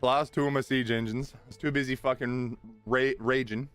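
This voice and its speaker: A man's voice: medium pitch, steady tone, moderate pace, fairly bright tone, smooth, faint music behind. A middle-aged man streaming a game live, talking bluntly and with heavy swearing as he rants at his chat. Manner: profane, blunt, ranting.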